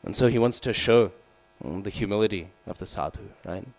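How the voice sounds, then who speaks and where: Talking fast and with hardly any pauses, a devotional class speaker leads a scripture lesson in a temple hall, peppering it with "hmm?" and "right?" and voicing quoted lines loudly. A low mains hum runs behind the poor-quality audio.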